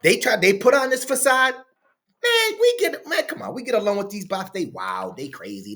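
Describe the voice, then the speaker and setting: A reaction host speaking talks over a clip, cursing freely. His voice leaps all over the place, sinking to low mutters and then jumping up into high shouts. The style is loose, casual commentary. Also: wildly swooping pitch, normal speed. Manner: loud, swinging from mutters to shouts, profane.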